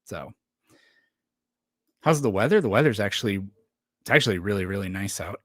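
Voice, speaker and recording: A man's voice: fairly low pitch, expressive, moderate pace, a bit bright, dry recording, clean studio sound. A man chatting casually on a livestream, rambling with lots of fillers and restarts. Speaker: streamer.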